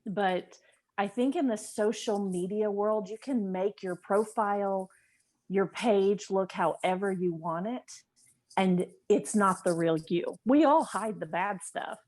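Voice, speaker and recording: A woman giving her candid, reflective view during a relaxed panel chat. Her voice sits at a middle pitch. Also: measured pace. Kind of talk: casual panel discussion.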